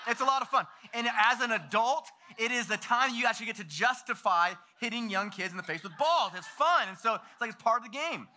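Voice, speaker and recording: A man in his thirties preaching, telling a story in an animated way and acting out the voices of the people in it. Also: sits high. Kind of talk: sermon storytelling.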